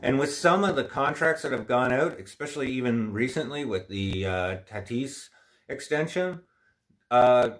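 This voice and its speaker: A man's voice: medium pitch, fairly bright tone. A man hosting a casual livestream chat, talking in a rambling, opinionated, frustrated way, with a stuffy nose from allergies. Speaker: livestream host.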